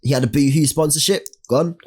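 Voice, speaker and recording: Young man, podcast co-host, lively casual storyteller. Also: a little high, brisk, breathy edge. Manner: animated storytelling with London slang. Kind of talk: casual chat.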